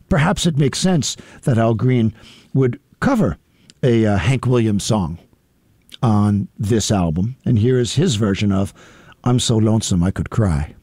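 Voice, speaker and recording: A man's voice: fairly low pitch, warm tone, breathy edge, dry recording. A man hosting a music program, talking through songs in a thoughtful, conversational way with frequent fillers and restarts. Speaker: music radio host.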